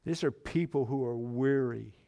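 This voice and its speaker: A man preaching a sermon, moving between hushed, low passages and loud, emphatic climbs. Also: moderate pace, vocal fry. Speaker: pastor.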